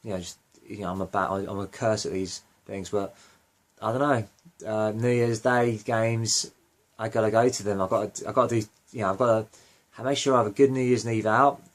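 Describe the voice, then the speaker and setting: A man's voice: lowish voice, fairly even intonation, normal speed. Rambling man hosting a fan podcast. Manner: rambling, many fillers and self-corrections. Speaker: podcast host. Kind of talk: casual rambling monologue.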